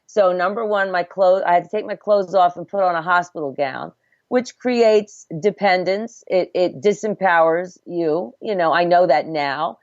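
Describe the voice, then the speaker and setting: A woman's voice: lowish voice, normal speed, a little mellow, dry recording. A middle-aged woman, a midwife and former obstetric nurse, telling her story earnestly and reflectively in a conversational interview. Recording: dull, dry lo-fi audio.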